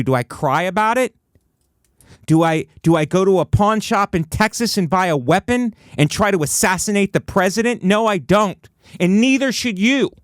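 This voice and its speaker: A man hosting a solo comedy podcast in a studio, delivering mock-motivational rants that jump from high excited bursts to low, flat asides. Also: no room sound. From United States.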